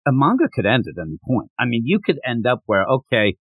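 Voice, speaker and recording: A man co-hosting a podcast in casual discussion, slipping into quick put-on voices for the characters. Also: mid-range voice, big pitch swings, fairly bright tone, no echo. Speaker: podcast co-host.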